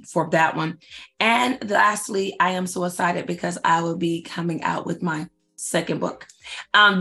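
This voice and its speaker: A woman in her forties, a faith-based life coach, chatting casually and excitedly to her followers, repeating herself for emphasis and calling them y'all. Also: on the low side. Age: 40s. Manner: slangy, addresses audience as y'all. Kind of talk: casual announcement chat to followers.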